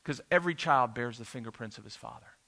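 A man's voice: medium pitch, quick pace, bright, forceful tone. A man preaching a sermon and telling a family story in a conversational way, with the occasional "uh", in a church room before a congregation. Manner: conversational and anecdotal, with filler "uh"s. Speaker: pastor.

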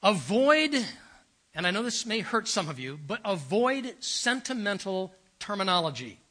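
A man's voice: sits high, big pitch swings, unhurried, sharp tone. An older man preaching a sermon as pastor, earnest and emphatic, telling stories and repeating phrases for effect.

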